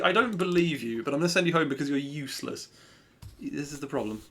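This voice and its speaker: A man's voice: fairly high pitch, animated, quick pace, a bit bright, a little hiss or hum. A man chatting upbeat through a live speedrun, cheering his own progress and making asides to his stream viewers. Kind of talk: live gameplay commentary.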